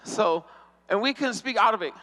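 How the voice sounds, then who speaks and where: A man's voice: high-pitched, expressive, normal speed, sharp tone, big-room sound. A man doing a stand-up comedy routine, acting out the voices of people in his stories. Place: convention hall stage.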